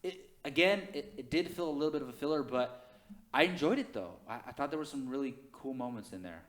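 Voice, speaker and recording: A man co-hosts a relaxed podcast chat, getting excited easily and laughing often. His voice sits at an ordinary middle pitch. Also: fast. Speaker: podcast co-host.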